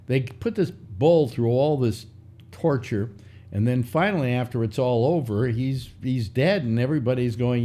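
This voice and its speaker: A man's voice: mid-range voice, animated, moderate pace, dark tone. An older man hosting a casual chat show, rambling through a story with many restarts and fillers. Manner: meandering, restarts, mock voices in anecdotes. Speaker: show host.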